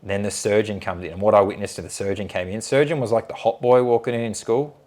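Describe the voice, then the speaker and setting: A man in his late thirties, a podcast guest telling a story in casual chat, animated and swearing freely. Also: fairly low pitch, fast talker. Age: late 30s. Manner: animated, swears freely, acts out others' lines.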